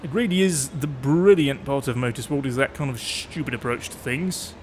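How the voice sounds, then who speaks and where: A man's voice: mid-range voice, darkish tone, a little hiss or hum. A man chatting casually and jokingly while playing a farming game, swearing freely. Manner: chatty, jokey, swears freely, puts on quick mock voices. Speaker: gameplay streamer.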